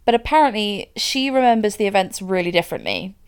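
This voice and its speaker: A woman's voice: mid-range voice, expressive, quick pace, smooth. A woman casually recounting a true-crime case as a podcast co-host, chatty, with lots of "like" and "so". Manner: chatty, frequent "like" and "so", laughs easily.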